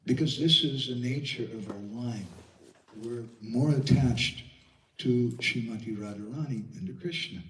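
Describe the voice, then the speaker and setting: A man's voice: medium pitch, fairly bright tone, reverberant, recorded from a distance, a little hiss or hum, low-quality recording. A man giving a devotional lecture, telling stories with quoted voices and asking rhetorical questions. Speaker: Vaishnava speaker giving a class.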